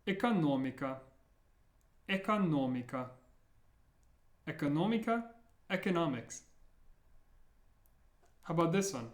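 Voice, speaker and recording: A man teaching the sounds of an alphabet, repeating each one slowly and clearly, with playful memory tricks. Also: fairly high pitch, expressive, echoey room. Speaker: language teacher. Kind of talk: slow, deliberate pronunciation lesson.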